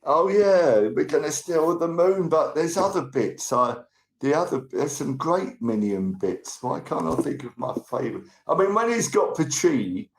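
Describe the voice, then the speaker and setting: Gravelly middle-aged man. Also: a little high, big pitch swings, measured pace. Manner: rambling, greets and thanks viewers. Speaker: live-stream host. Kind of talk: casual live-stream chat. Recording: roomy room with faint noise.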